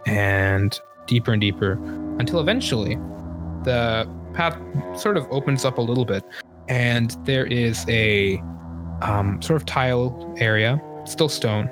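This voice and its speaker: A man narrating a tabletop game as game master, relaxed and rambling, with lots of fillers and quick laughs. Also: mid-range voice, over music.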